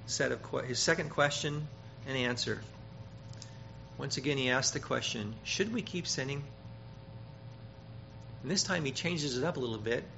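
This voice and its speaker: Brief: male preacher, bright slightly high voice, emphatic sermon delivery, dull lo-fi recording with faint hiss. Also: creaky. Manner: emphatic, rises loud on quoted scripture, repeats words.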